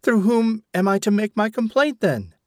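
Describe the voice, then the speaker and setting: A man's voice: sits high, expressive, normal speed, darkish tone, no echo, studio quality, voice pushed up. A man voicing an indignant, fretful mother. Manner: petulant, indignant, complaining. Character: imperious, fretful woman, a mother.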